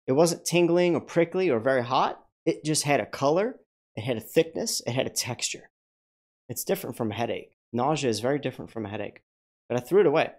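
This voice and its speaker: A man's voice: medium pitch, a little fast. Rambling man telling stories on a livestream. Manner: rambling, with frequent restarts and mild swearing; animated, acts out the voices of people in his stories. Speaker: livestream host. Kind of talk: casual livestream storytelling.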